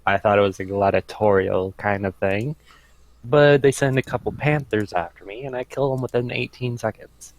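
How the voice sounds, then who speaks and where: A man voicing a brash, cocky young female fighter who talks in a quick, sarcastic way. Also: on the low side, lightly acted. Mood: impatient.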